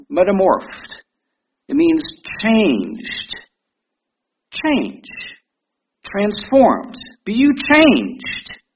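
A man in his fifties gives a sermon in a relaxed, conversational way. He stumbles over and repeats words and puts questions to the congregation. The voice sits a bit high, and the recording is dull with a faint hiss. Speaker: preacher.

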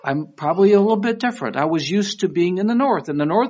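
Detroit-accented pastor, slightly high voice. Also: male voice, fast, few pauses. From Michigan. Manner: conversational, storytelling with lively quoted voices. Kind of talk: sermon. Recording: dull lo-fi recording.

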